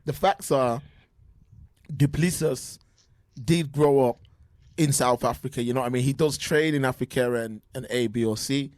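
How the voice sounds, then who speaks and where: A man co-hosting a casual sports podcast over a remote call, animated and full of restarts. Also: mid-range voice, normal speed, no echo, studio quality. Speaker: podcast co-host. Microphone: remote call mic.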